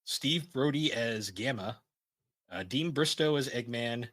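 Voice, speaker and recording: Bright-voiced jokey male podcast host. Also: medium pitch, animated, measured pace, no echo. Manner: jokey, laughs mid-sentence, acts out quotes. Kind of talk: casual podcast chat.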